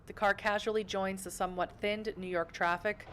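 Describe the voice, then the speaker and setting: An American woman reads a vampire visual novel aloud from home, then drifts into playful, self-mocking chatter with frequent laughs. Her pitch sits in a middling range for a woman. A faint background hiss runs under her voice. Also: steady tone, moderate pace, a bit bright. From United States. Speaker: streamer.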